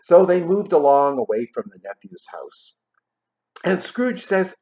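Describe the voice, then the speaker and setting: A man casually retelling a classic story in a vlog, tossing in jokey asides and trailing off quietly at the ends of his thoughts. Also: fairly high pitch, very animated, unhurried. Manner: chatty, jokey, adds asides while retelling. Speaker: vlogger reading a classic novel aloud.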